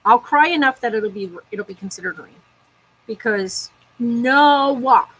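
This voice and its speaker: A woman's voice: medium pitch, lively intonation, fast talker, a bit bright, breathy edge, poor audio. A young woman chatting to herself in a casual vlog, bubbly and talkative. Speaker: vlogger.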